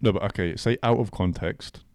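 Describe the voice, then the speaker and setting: A man's voice: fairly low pitch, darkish tone, no room sound, clean studio sound. A young man from England with an English accent, co-hosting a casual podcast chat in a joking, playful way. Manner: joking, playful, quick to mimic voices. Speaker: podcast co-host.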